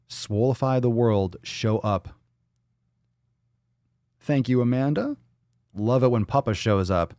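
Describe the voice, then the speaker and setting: A man's voice: fairly low pitch, expressive, moderate pace, warm tone, dry recording, clean studio sound. A man hosting a daily fitness livestream podcast, talking casually with hype, profanity and playful catchphrases. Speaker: podcast host.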